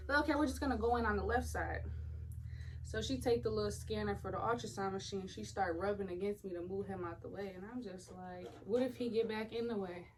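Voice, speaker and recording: A woman's voice: mid-range voice, a bit bright, poor audio. A young woman, casually telling the story of a painful hospital stay, blunt and profane, acting out the other people in it.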